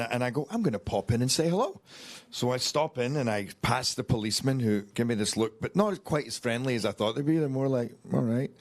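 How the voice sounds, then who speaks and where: A middle-aged man, an actor guest, telling an anecdote in a casual interview, acting out voices and cutting himself off as he goes. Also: medium pitch. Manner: animated storyteller acting out quotes; swearing, self-interrupting.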